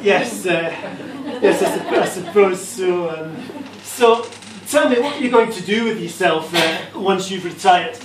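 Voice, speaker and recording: A man's voice: sits high, measured pace. A man playing a pompous spoof chat show host. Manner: hesitant, full of uhs, self-important. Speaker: interviewer. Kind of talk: live comedy sketch. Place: pub function room. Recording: echoey pub room, distant mic, crowd noise.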